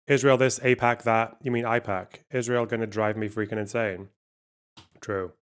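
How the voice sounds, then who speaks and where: A man's voice: on the low side, little pitch movement, normal speed, smooth. A man hosting a casual livestream, reading donations and reacting with sarcasm and swearing. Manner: sweary, sarcastic, laughs often. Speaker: livestream host.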